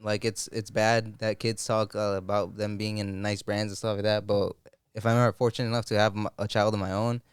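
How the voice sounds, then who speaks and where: A man's voice: lowish voice, flat delivery, brisk, clean tone, dry recording, studio quality. A young man hosting a casual chat, rambling with lots of likes and slang. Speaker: podcast host.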